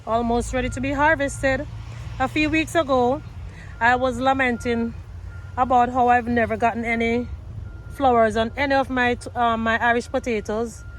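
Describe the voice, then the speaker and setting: A woman's voice: fairly high pitch, steady tone, normal speed, a little hiss or hum. A woman gardening vlogger talking viewers through her garden outdoors, chatty and repeating herself. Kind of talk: casual garden tour vlog.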